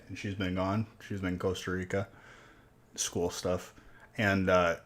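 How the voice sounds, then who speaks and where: A man's voice: lowish voice, fairly bright tone. A young man hosting a live stream where he opens trading card packs, rambling in casual chat and teasing his viewers. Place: alone in a room.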